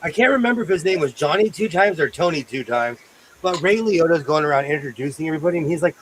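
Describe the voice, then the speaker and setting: A middle-aged man hosting a casual live-stream chat from his home sewing room, playful and animated, repeating his phrases for emphasis. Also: fairly high pitch, quick pace, slight background noise, poor audio. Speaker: host.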